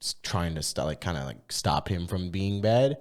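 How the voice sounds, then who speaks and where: A young man co-hosting a podcast, telling stories in casual, slang-heavy chat with lots of swearing, and getting loud when he gets worked up. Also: deep voice, expressive, moderate pace. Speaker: podcast co-host.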